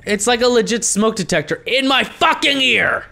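A young man with a high, bright voice narrates his play of a horror game. His pitch swings widely as he jokes, swears and reacts. Light background noise sits under his voice. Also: lively intonation, normal speed, vocal fry. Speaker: gaming YouTuber. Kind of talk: let's play commentary.

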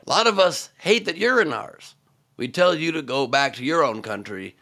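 A man hosting scripted comedic political commentary, sarcastic and mocking, with sudden loud outbursts. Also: a little high, lively intonation, moderate pace, creaky.

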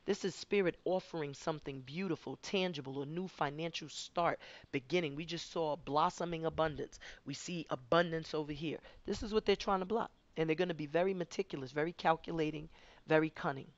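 A tarot card reader gives a conversational spiritual reading, rambling and often repeating her words. She has a low voice and speaks fairly quickly, in a lo-fi recording with no echo.

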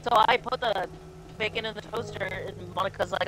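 Young woman streamer, bright voice, rambling anecdote style, game music faintly behind. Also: medium pitch, fairly even intonation, a little fast, low-quality recording. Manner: chatty storytelling, lots of fillers. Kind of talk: casual chat while gaming.

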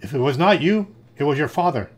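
A man doing a gruff, bullying storybook wolf. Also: on the high side, lively intonation, brisk. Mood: snarling. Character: hungry bullying male wolf.

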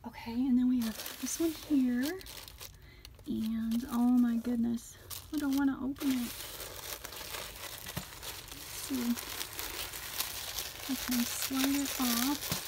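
A woman chatting casually as she unboxes craft gifts on her vlog, gushing with delighted exclamations and often dropping to a soft, near-whispered voice. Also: sits high, fairly even intonation, takes it slowly, long pauses, background noise. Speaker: craft vlogger unboxing a gift swap.

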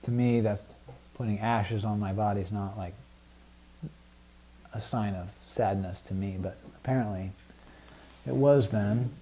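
A man's voice: fairly low pitch, steady tone, unhurried, long pauses, warm tone, a little hiss or hum. A man teaching a Bible study group in a casual, conversational way, with many fillers and frequent questions to the class.

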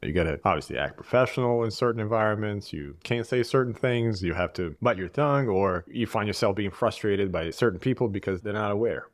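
In a studio-quality recording free of room sound, an Eastern European podcast guest with a lowish voice reflects in casual conversation. He speaks in a measured way, often beginning his phrases again while he thinks.

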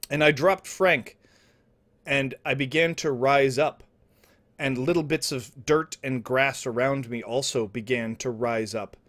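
A young man telling an absurd story in deadpan, rambling comedy style, with restarts and asides, sometimes dropping to mumbles and sometimes rising to loud outbursts. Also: medium pitch, unhurried. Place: indoor home setup, streaming.

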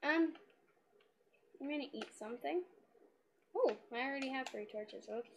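A woman giving casual, hesitant let's-play commentary in a quiet voice, with lots of ums. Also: sits high, normal speed, a little hiss or hum. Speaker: gamer.

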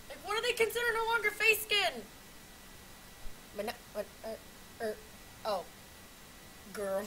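A young woman vlogging at home in casual unscripted chat, swearing a lot and swinging between loud exclamations and muttered hums. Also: on the high side, very animated, moderate pace, long pauses, slight background noise, low-quality recording.

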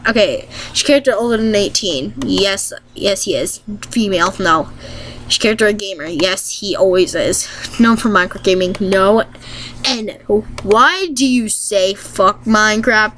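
Brief: giggly woman vlogger, chatty and casual, everyday middle-pitched voice. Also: a bit bright, slight background noise, rough recording. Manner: chatty, giggly, reads prompts aloud quickly and answers them. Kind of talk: casual commentary while playing a game.

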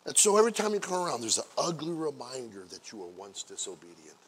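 A man preaching as a pastor, acting out everyday scenes in playful quoted voices and building from quiet asides to loud, drawn-out exclamations. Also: medium pitch, huge pitch swings, a little hiss or hum. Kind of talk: sermon.

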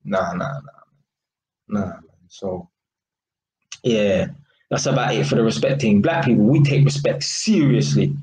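This young English vlogger with a London accent has a lowish, slightly mellow voice, speaking animated but unhurried, with long pauses. He rants casually to camera in heated street slang, repeating "innit," in an echoey room with faint ambience.

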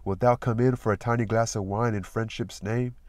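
A coy, teasing woman with a husky sweetness in her talk, as a male reader puts her on. She coaxes and hints archly in a storybook reading, delivered low and close on a dry recording. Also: fairly even intonation, fairly quick, a little mellow, no room sound, close to an everyday voice.

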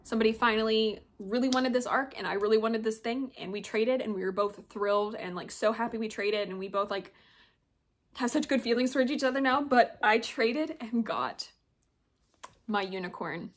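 A young woman with a slightly high voice talks through her latest book haul. She chats casually and gushes with excitement over her favorite editions, stopping now and then to read blurbs aloud. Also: moderate pace. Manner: gushing, chatty, reads blurbs aloud. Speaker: booktuber.

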